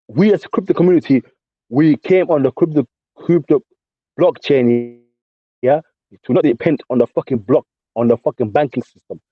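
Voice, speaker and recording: There's a breathy edge to this man's fairly high voice as he rants in a voice chat with a London accent. He repeats himself, stays combative, and calls everyone mate and bro, heard through dull lo-fi audio without room sound.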